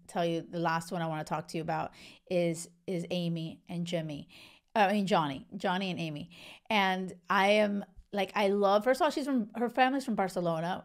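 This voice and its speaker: A young woman hosting a casual talk about a reality show, effusive and chatty, with many fillers and restarts. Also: medium pitch. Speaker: host. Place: lives in Spain.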